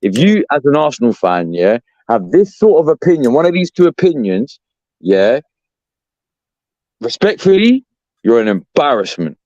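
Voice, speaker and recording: A man's voice: medium pitch, very animated, moderate pace, a little mellow, no room sound. Ranting young man, dull lo-fi. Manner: profane, repetitive, exasperated, says "bruv" constantly. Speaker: podcast co-host. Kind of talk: heated fan rant. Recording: dull, dry lo-fi sound.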